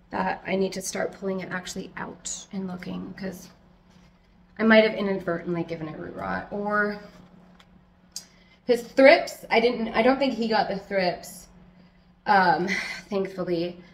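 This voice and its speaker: A young adult woman casually chatting through a tour of her houseplants at home, rambling and self-deprecating, talking loudly. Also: medium pitch, gravelly, a little hiss or hum. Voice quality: loud, yelling from audio trouble. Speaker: plant collector vlogger. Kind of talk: casual plant tour chat.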